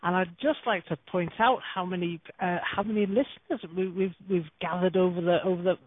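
A woman's voice: on the low side, fairly even intonation, brisk, no room sound. A woman from the UK co-hosting an internet radio talk show, chatty and upbeat, often repeating words as she goes. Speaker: co-host. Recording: tinny dry phone line.

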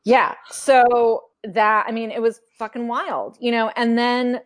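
This memoir author, a woman, talks slowly on a podcast with a slightly high voice and fairly even intonation. She's frank and chatty in the casual exchange, voicing quotes as her story unfolds.

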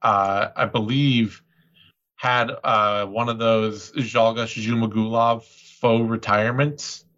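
A podcast co-host chats casually about fights and runs through the betting odds in a conversational way. His voice is fairly low and bright-ish, steady in tone and slow, captured in slightly dull lo-fi audio.

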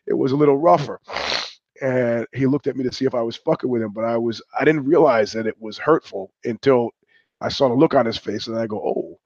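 A man's voice: mid-range voice, brisk, a little mellow, no room sound. An older man hosting a livestream, talking in a rambling, profane, digressive way. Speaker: host. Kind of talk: casual livestream monologue. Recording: dull, dry lo-fi stream audio.

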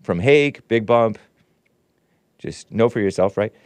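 A man's voice: on the low side, slow pace, darkish tone, dry recording. A man hosting a livestream show, talking in a rambling, sardonic way with chuckling asides from his studio. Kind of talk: casual commentary. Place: home studio.

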